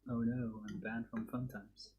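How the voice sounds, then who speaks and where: A man hosting from Belgium, chatting casually with teasing, deadpan banter. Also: mid-range voice, unhurried. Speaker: host. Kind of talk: casual chat.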